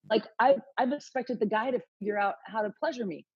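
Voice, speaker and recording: A woman's voice: fairly high pitch, brisk, few pauses, slightly rough, no room sound, dull audio. A woman in her late forties, a podcast guest telling her story frankly, swearing freely and acting out her own inner dialogue. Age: late 40s. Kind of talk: candid interview storytelling.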